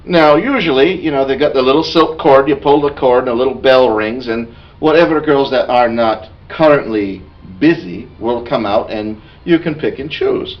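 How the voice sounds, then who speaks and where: A man's voice: mid-range voice, moderate pace, recorded from a distance, highs cut off, lightly acted. A man playing a boastful, bawdy male dwarf warrior who tells a rambling tavern tale in character. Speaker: player telling an in-character story. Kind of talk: in-character storytelling.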